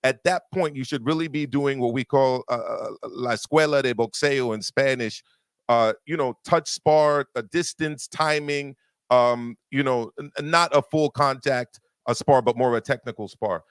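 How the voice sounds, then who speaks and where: A man's voice: medium pitch, moderate pace, clear, resonant tone, no room sound, studio quality. A man on a boxing debate panel making his case emphatically. He repeats himself as he presses each point.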